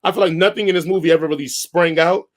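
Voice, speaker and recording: A man co-hosting a podcast, reviewing a film in a casual, animated, rambling way with lots of restarts. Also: high voice, fast. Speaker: podcast co-host. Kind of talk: casual movie review chat.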